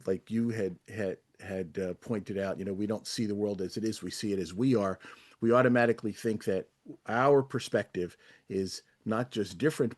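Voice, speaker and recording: A man's voice: lowish voice, a little mellow. Thoughtful man making points in a group talk. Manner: thoughtful, illustrates points with playful examples. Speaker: panel participant. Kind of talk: online group discussion.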